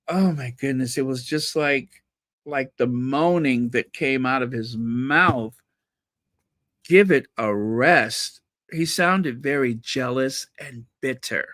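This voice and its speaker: A man's voice: medium pitch, a bit bright, no room sound, clean studio sound. A man hosting a casual solo gossip vlog, chatting to viewers in a rambling way and repeating words for emphasis. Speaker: royal gossip channel host.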